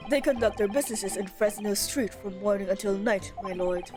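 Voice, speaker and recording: A woman doing a gruff, mock-British male witness. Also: medium pitch, normal speed, music in the background, voice pushed down, lightly acted. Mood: testifying.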